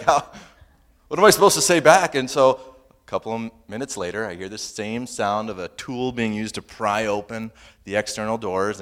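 A male pastor preaching a sermon, humorous and animated, moving between loud punchlines and quiet, earnest asides. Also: fairly low pitch. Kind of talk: sermon with personal storytelling.

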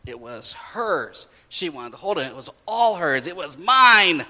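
A man preaching a sermon, telling a family story in an animated way and acting out his children's voices. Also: mid-range voice, unhurried, big-room sound. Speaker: pastor.

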